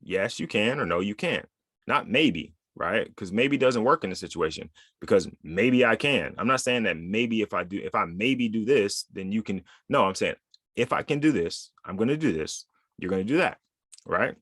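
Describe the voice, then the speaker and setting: Low-voiced man, casual podcast chat. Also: animated, moderate pace, fairly bright tone, breathy edge, no room sound, clean studio sound. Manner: conversational, lots of "right?" tag questions. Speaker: podcast host.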